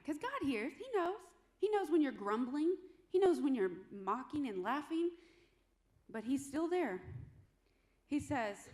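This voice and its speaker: A woman's voice: high-pitched, sing-song, measured pace, a little mellow. A woman preaching a sermon in a conversational, humorous storytelling way.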